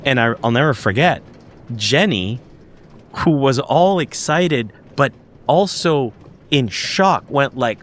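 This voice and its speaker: A man's voice: mid-range voice, expressive, slow pace, a bit bright. Emphatic man recounting a sighting. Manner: emphatic storyteller, many restarts and searching for words. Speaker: guest; investigator. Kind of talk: recounting a personal sighting in a podcast interview.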